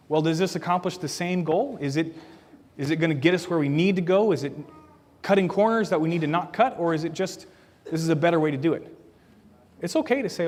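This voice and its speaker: A man's voice: fairly high pitch, lively intonation, brisk. A man preaching a sermon as a pastor, earnest and plain-spoken, asking the congregation questions as he teaches. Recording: long reverb of a church hall.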